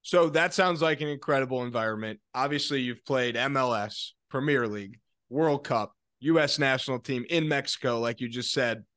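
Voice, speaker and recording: A man's voice: mid-range voice, moderate pace, fairly bright tone. A man hosting a podcast, asking the guest long, stacked interview questions. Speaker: podcast host.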